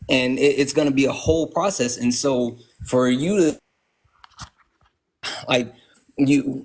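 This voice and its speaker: Man, live stream host: earnest and urgent, slightly husky tone, middle pitch, stops and restarts as he talks. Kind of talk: casual live stream chat.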